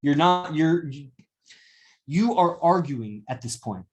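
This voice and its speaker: A man's voice: fairly high pitch, expressive, slow. A man giving a live classroom lecture, confrontational and profane as he berates a student.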